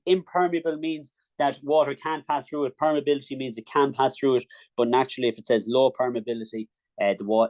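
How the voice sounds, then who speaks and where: A young Irish man teaching an exam revision class in agricultural science, brisk and encouraging, checking in with the class often. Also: fairly high pitch, a little mellow.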